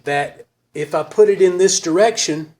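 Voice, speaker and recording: A man speaking to a recovery group in a halting, earnest way, often pausing to search for words. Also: high voice, darkish tone. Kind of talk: personal recovery talk to a group.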